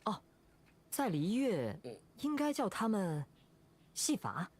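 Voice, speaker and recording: A woman voicing a cheerful young stage magician in game dialogue, with a friendly, animated manner. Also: medium pitch, takes it slowly, breathy edge, heavily acted.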